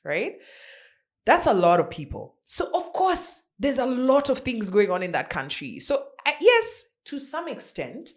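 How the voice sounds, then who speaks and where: A woman in her forties hosts a casual pop-culture news podcast. Her voice swoops up and down a lot as she chats. She keeps firing off rhetorical questions at her listeners. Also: mid-range voice. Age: around 40. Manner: chatty, animated, full of rhetorical questions. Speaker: podcast host.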